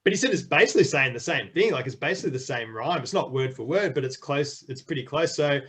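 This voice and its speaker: Man, middle-aged, children's author guest, enthusiastic, chatty, fairly high voice. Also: animated, fast, fairly bright tone, slightly rough. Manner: chatty, enthusiastic, frequent restarts. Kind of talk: casual interview chat.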